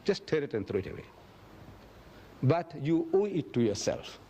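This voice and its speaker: A man lecturing in a fairly high voice, answering questions from the floor. He tells his stories emphatically, raising his voice to act out the quotes. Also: sing-song, normal speed, creaky, mellow, breathy edge, muffled recording. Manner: emphatic, storytelling, acts out quotes with a raised voice. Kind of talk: public lecture Q&A. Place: lecture hall.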